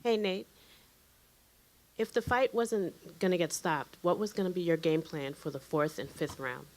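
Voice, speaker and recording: A woman's voice: on the low side, unhurried, darkish tone. A woman reporter putting brief, direct questions to a fighter at a press conference.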